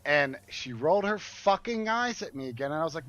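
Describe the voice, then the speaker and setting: A man's voice: fairly high pitch, brisk. A man telling a story in a casual way while gaming. He swears a lot and acts out the people in his story. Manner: animated, profane, acts out quoted dialogue.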